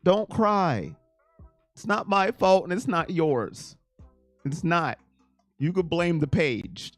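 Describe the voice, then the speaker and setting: A man runs a casual sports livestream, reading chat and ranting with enthusiasm, occasionally yelling then sinking to a mumble. His high-pitched voice moves slowly, with no echo and faint music in the background.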